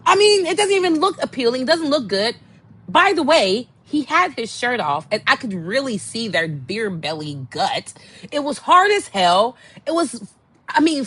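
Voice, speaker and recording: A young woman hosting a podcast, telling a candid story in a blunt, exasperated way, dropping to low murmurs and jumping to high outbursts. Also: a bit bright, slightly rough. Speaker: podcast host.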